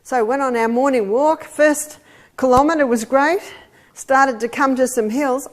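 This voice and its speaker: A woman health teacher lectures to an audience with a fairly high voice. She tells stories with bursts of laughter and acts out the quotes. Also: a little slow. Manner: storytelling with laughs and acted quotes.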